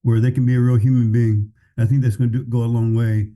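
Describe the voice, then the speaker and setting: A pastor talks frankly and plainly, stopping and restarting his thoughts as he goes. His voice is very dark and mellow, sitting at an ordinary pitch for a man. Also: level tone, fast. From California. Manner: candid and plainspoken, with many restarts. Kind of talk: casual podcast conversation.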